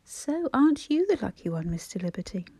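Polite reassuring doctor, raised pitch, voiced by a woman reader; storybook. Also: sing-song, a little fast, mellow, husky, no room sound, exaggerated voice. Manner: courteous, encouraging.

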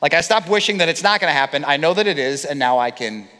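A male pastor delivers a sermon in a fairly high voice, acting out the people in his stories as he goes. The sound has the long reverb of a large church auditorium. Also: fast talker. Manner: animated storytelling with acted-out quotes.

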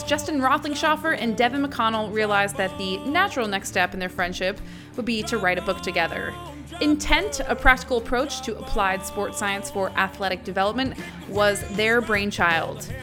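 A woman's voice: mid-range voice, normal speed. A woman reading a scripted, upbeat podcast introduction. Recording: music behind the voice.

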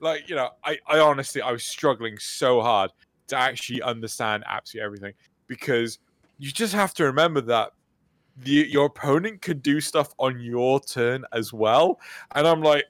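Animated storytelling man, dry sound. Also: medium pitch, normal speed, no room sound. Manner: animated storyteller, acts out quotes. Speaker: podcast co-host. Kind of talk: casual chat.

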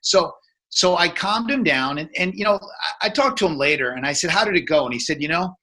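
A man's voice: on the high side, animated, fairly quick, bright, forceful tone. A man in his fifties, a men's coach, telling a story in casual conversation, rambling with many fillers and restarts.

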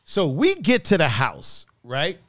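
A man's voice: fairly high pitch, wildly swooping pitch, takes it slowly, dry recording, studio quality. A young man casually telling a story about a friend, laughing often, swearing and acting out the others' lines.

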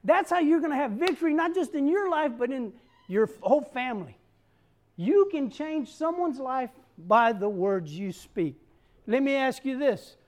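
Preacher, woman in her 50s: high voice, lively delivery that acts out the people she quotes. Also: normal speed. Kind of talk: sermon.

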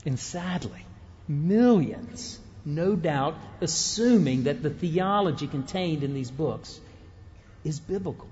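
A man's voice: on the high side, expressive, slow pace, darkish tone, highs cut off, a little hiss or hum. A middle-aged male pastor preaching a sermon in a conversational, humorous way, often breaking off and restarting his sentences. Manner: conversational and humorous, with frequent self-interruptions.

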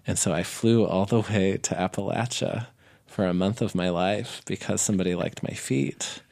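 A man's voice: deep voice, moderate pace, vocal fry, darkish tone. A man as an interview guest, telling a long personal story in a casual, rambling way with lots of fillers and restarts. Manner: rambling, many fillers and restarts, laughs easily.

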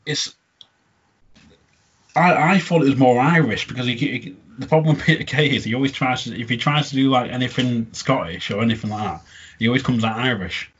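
A man with a husky, slightly raspy voice talks in an easy, chatty way, breaking into laughs as he recaps scenes. His pitch sits in an ordinary middle range, and the recording sounds dull and lo-fi. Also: a little fast. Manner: chatty, laughing often, quoting lines in funny voices. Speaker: podcast co-host reviewing a comedy episode. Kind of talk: casual recap chat.

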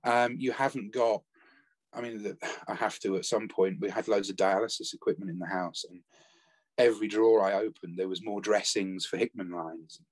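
A man, talking earnestly and haltingly about caring for his late spouse in a conversational interview. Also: fairly low pitch, steady tone, no room sound. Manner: earnest, reflective, halting with restarts. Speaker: bereaved former family carer, guest.

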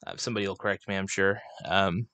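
A low-voiced man hosting a loose, unscripted livestream. He rambles and swears freely, talking into a desk microphone. The sound is dry and close. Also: fairly even intonation, fast, pushed and bright, dry recording. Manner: rambling, profane, irreverent. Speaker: livestream host. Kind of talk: casual livestream rant. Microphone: desk microphone, not clipped on.

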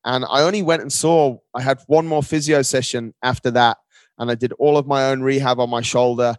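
A male guest recounts his story with animated energy, dropping "mate" into nearly every sentence. His voice sits in a middle register. The recording is dry and close, with no room sound. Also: medium pitch, a little fast, no echo. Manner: animated, often says "mate". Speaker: podcast guest. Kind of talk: casual storytelling conversation.

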